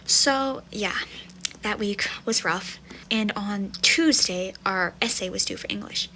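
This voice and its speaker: Her medium-pitched voice sounds pushed and bright and she talks slowly as the young university student rambles through her casual storytime vlog, filler-heavy and often close to whispering. Poor audio carries slight background noise.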